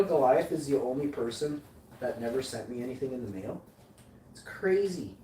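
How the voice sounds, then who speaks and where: A man's voice: medium pitch, dark tone. Boastful rambling male vlogger. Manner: boastful, rambling, with self-corrections and slang. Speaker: vlogger, channel host. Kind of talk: casual rambling monologue. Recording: echoey room, distant mic, faint noise.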